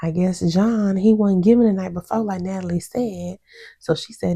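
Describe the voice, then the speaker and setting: In a casual, outspoken vlog, a woman recaps a reality show episode at a moderate pace, her medium-pitched voice creaky and slightly rough. Animated and chatty, she laughs, uses slang, and acts out others' words with mimicry.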